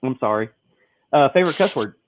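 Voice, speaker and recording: A man's voice: medium pitch, lively intonation, a little fast, no room sound. A man co-hosting a podcast, chatting casually and upbeat while firing off quiz questions. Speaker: podcast co-host. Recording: thin phone-like line, dry.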